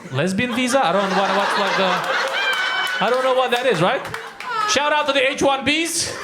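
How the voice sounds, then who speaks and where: A man from Romania doing live crowd work as a stand-up comedian, teasing and rambling with quick asides. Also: very high-pitched. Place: comedy club with audience. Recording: loud crowd and background noise. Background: audience laughter.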